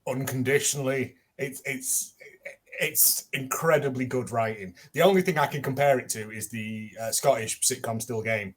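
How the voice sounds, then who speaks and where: Man, casual podcast chat, talkative, quick to laugh. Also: mid-range voice. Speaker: podcast co-host.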